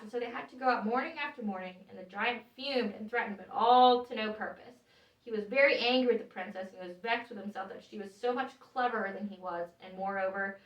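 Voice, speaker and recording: Woman storyteller, fairy tale read-aloud, bright voice, echoey room from afar. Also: fairly high pitch, far from the mic, muffled recording. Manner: expressive, measured storytelling.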